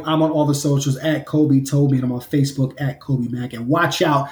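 A man co-hosting a podcast, playful and excitable in casual chat. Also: mid-range voice, brisk, reverberant. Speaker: podcast co-host.

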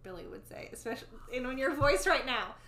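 A woman's voice: high-pitched, a crowd in the background. A woman co-hosting a podcast, chatting casually and arguing back about a movie. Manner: chatty, animated, quick to argue back. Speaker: podcast co-host. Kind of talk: casual chat reviewing a movie. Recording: echoey room with faint background noise.

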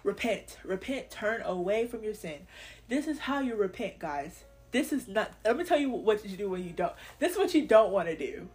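A woman's voice: medium pitch, very animated, normal speed, a little mellow, soft background music. A young woman hosting a faith podcast, talking candidly and earnestly in casual slang, sometimes laughing. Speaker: podcast host.

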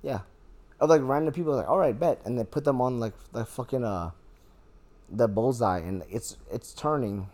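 A man's voice: mid-range voice, normal speed, darkish tone. A man chatting casually as a podcast guest, joking around in a goofy, playful way. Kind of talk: casual chat.

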